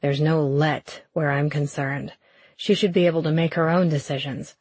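Figure: a woman voicing a gentle young nobleman, steady and reassuring. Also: deep voice, moderate pace, husky, no echo, voice pushed down. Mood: calm.

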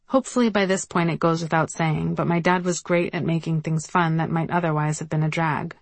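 A woman's voice: sits low, steady tone, a little fast, dry recording. A woman reading her own memoir aloud in a wry storytelling manner. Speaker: memoir narrator. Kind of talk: audiobook narration.

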